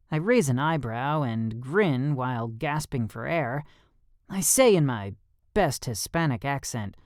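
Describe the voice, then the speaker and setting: A man narrating a young adult thriller audiobook in first person, expressive and lively. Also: medium pitch, a little slow, no echo, clean studio sound.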